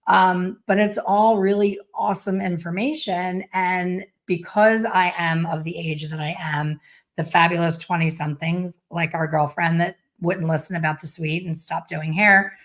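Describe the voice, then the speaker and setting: A woman's voice: on the low side, steady tone, normal speed. A woman in her fifties hosting a live stream, talking in a blunt, chatty way with a sassy edge. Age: 50s. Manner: blunt, chatty, storytelling with sassy put-on voices. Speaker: hair color educator hosting a live stream. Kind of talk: casual live-stream chat.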